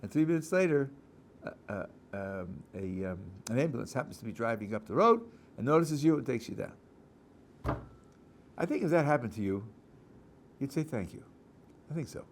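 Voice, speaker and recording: A rabbi lectures with a voice that rises and falls constantly, giving his example stories real drama. He acts out little scenes as he teaches and often stops to rephrase himself, like a man thinking aloud in front of his class. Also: mid-range voice. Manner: animated storyteller, acting out scenes, with frequent restarts. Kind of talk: Torah lecture with acted-out examples.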